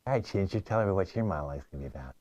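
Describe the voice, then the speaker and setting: A man's voice: deep voice, expressive, racing, a little mellow, no echo, muffled recording. A man hosting a live improv show, calling out prompts and directions to performers. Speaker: improv host and side-coach. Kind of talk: coaching improv scene.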